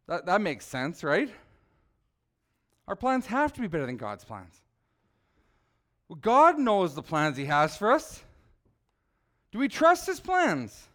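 Chatty preacher man with a high, smooth voice. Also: huge pitch swings, slow, pauses often, a bit bright. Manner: conversational, asks the audience questions, acts out people. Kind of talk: casual sermon.

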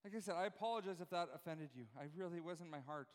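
A man with a very high voice preaches a fervent sermon, throwing rhetorical questions at his congregation. His voice rings with a long reverb from the church hall around him. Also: fast. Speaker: pastor. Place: church room with live audience, also streamed.

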